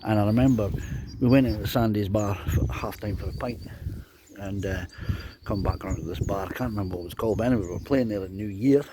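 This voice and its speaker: A man's voice: on the low side, quick pace, background noise. Rambling Scottish man from Dundee. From Scotland. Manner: rambling, chatty, self-interrupting with "you know". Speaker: drummer telling stories. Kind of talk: casual storytelling monologue.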